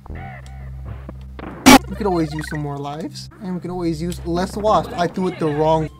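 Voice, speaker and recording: A young man in his twenties giving crude, joking, excitable let's-play commentary. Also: fairly high pitch, a little slow. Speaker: gaming YouTuber. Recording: game music behind.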